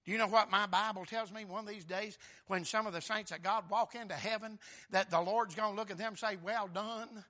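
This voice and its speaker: Preacher guy, high bright voice, hollers amen and brother, swings from quiet to shouting. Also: fairly even intonation, brisk, few pauses. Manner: fervent preaching, bursts into shouts on key lines; sprinkles "Amen" and "brother", quotes scripture in old wording. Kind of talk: sermon.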